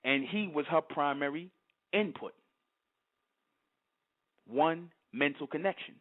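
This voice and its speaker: A man's voice: on the high side, slow. A man hosting a monologue, lecturing emphatically and firing off rhetorical questions. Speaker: host. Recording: tinny phone-line sound.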